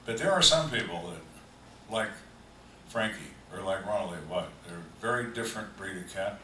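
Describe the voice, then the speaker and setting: An older man tells crime stories in a dry, deadpan way, pausing slowly on his punchlines. His low voice has a crisp, bright edge. The recording picks him up from across an echoey room with faint ambience. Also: distant mic, a little hiss or hum. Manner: dry deadpan storyteller with slow emphatic pauses. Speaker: retired homicide detective telling stories at a fan Q&A. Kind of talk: live storytelling Q&A. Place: event room on a cruise ship, live audience.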